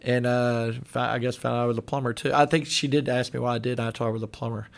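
A man on a podcast, a guest telling stories in casual chat. He acts out the people in his stories in lively voices. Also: mid-range voice, fast, creaky. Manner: animated storyteller acting out quoted voices. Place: studio.

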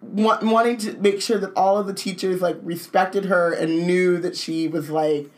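A woman co-hosting a casual podcast, riffing in rambling, animated bursts full of "like". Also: lowish voice, moderate pace. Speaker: podcast co-host. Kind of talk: casual chat.

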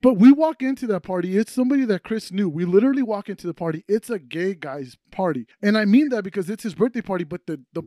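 Brief: man, high voice, crude profane podcast storyteller, dry close mic. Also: animated, quick pace, few pauses, mellow, no echo. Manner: swears constantly, laughs while telling stories. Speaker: podcast co-host.

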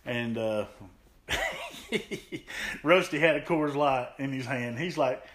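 A man's voice: medium pitch, animated, slow pace, a bit bright. A man in a podcast interview recounts old wrestling matches with animation. He talks in a mid-range voice, slipping into acted-out quotes and laughing often. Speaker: podcast guest, pro wrestler. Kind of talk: storytelling in an interview.

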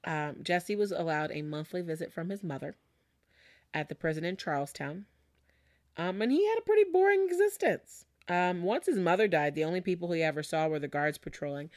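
A woman's voice: fairly low pitch, expressive, fairly quick, a little mellow, no echo, studio quality. A woman podcast host telling a story in a casual, conversational way, with many fillers. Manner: conversational, with frequent fillers and laughs.

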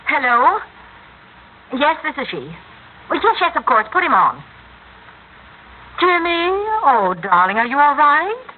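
Bossy, smothering radio-drama wife; a bit high, thin phone-like sound. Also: big pitch swings, unhurried, long pauses. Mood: doting. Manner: imperious and possessive. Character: domineering, doting middle-aged wife and mother. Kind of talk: 1950s radio acting. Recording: tinny old radio recording, faint hiss.

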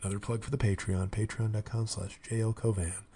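A man hosting a podcast, telling a comic story in an animated, profane, rambling way. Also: fairly low pitch, fairly quick, slight background noise. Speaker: comedian and podcast host. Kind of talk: casual comedic monologue.

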